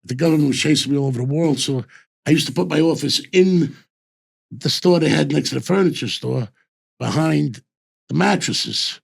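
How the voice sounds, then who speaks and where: Here the older host and ex-bookmaker rambles through casual stories at a normal speed, his gravelly, husky voice pitched a little high. He keeps restarting sentences and repeating "I says."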